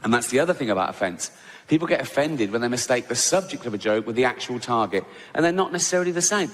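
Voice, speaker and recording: A man's voice: medium pitch, expressive, fast, slight background noise. A middle-aged Englishman doing stand-up comedy in a cheeky, rambling, self-interrupting way, in a large live venue. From England. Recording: loud live audience laughter.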